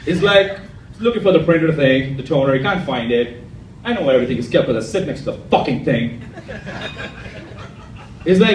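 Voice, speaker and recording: A man's voice: high voice, lively intonation, a little fast, pauses often, slight background noise. Crude self-mocking male stand-up comic. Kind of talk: stand-up comedy set. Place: comedy club stage. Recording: echoey club from far off. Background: audience laughter.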